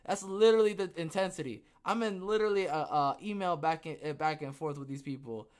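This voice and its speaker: A young man hosts a casual live podcast, chatting in a slightly higher voice. He rambles from one thought to the next, jokes a lot and sometimes breaks into loud, excited outbursts. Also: a little fast. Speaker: podcast host. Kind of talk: casual livestream chat.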